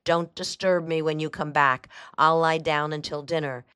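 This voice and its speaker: A woman's voice: deep voice, steady tone, normal speed, clean tone, no room sound, clean studio sound. A woman playing a bossy, scolding aunt. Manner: sharp, scolding commands. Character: bossy middle-aged aunt, harsh and impatient.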